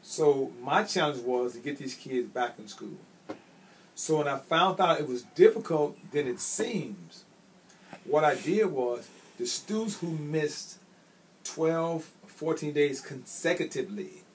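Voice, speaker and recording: A man's voice: fairly high pitch, animated, unhurried. A middle-aged man from Chicago, a school administrator telling stories from his career, emphatic and repeating his key phrases. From Chicago, United States. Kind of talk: recounting personal career stories. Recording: slightly distant mic with faint ambient noise.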